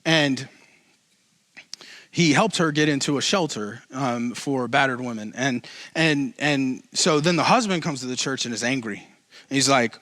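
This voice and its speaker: Bright-voiced man preaching a casual sermon. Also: medium pitch, unhurried, dry recording. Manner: joking asides, rising to emphatic preaching. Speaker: pastor. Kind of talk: conversational sermon.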